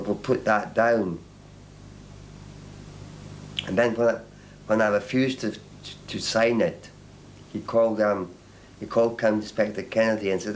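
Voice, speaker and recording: A man recounts his experience in an archival interview, stopping and restarting his sentences often. His voice sits somewhat low, with a faint hiss beneath it. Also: low-quality recording. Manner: halting, repeats and restarts words.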